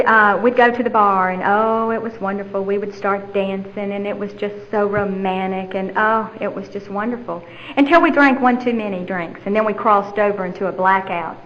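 A middle-aged woman telling her own recovery story candidly, with steady repetition in her phrasing. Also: mid-range voice, highs cut off. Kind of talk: personal testimony.

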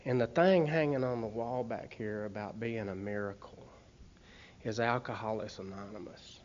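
A man's voice: lowish voice, normal speed, a little mellow. A middle-aged man with a Southern US accent tells humorous personal stories to an audience in a folksy way, often checking in with "okay?" and "man". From Montgomery, Alabama. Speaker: speaker sharing a recovery story. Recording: slightly muffled recording.

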